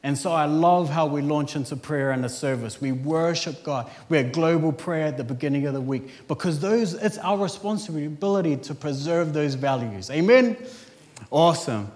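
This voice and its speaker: A man preaching a sermon to a congregation in a conversational, animated way, swinging between loud emphatic lines and quieter, quick asides, with casual jokes thrown in. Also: a little high.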